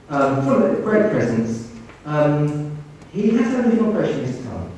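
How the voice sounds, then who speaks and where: A man telling lively anecdotes to an audience, often repeating and restarting his phrases. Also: on the high side, moderate pace, few pauses, slight background noise. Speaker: speaker at a talk on mediumship. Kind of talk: anecdotal storytelling talk. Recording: echoey hall from far off.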